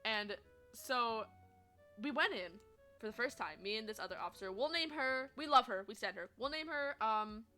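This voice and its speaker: Bubbly high-voiced woman telling stories. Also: moderate pace, soft background music. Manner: chatty, animated, swears freely, laughs often. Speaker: streamer. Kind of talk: casual storytelling to chat.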